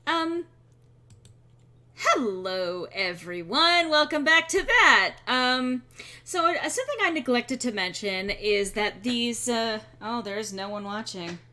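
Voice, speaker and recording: A woman's voice: a little high, lively intonation, slow, sharp tone. A young woman streaming a game, chatting casually with sarcastic asides and frequent ums. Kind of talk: casual let's-play chat.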